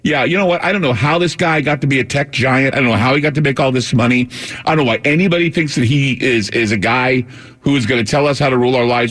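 Husky ranting male radio host. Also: medium pitch, fast talker, fairly bright tone. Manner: combative, ranting, sarcastic. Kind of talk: talk radio monologue.

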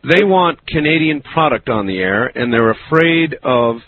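A man hosting a call-in radio talk show, speaking in a slow, musing, conversational way. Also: mid-range voice, expressive. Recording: lo-fi radio broadcast with faint hiss.

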